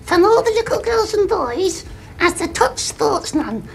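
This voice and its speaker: A woman voicing a shrill, excitable, gushing female fan in a noisy old recording. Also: a little slow, vocal fry, exaggerated voice.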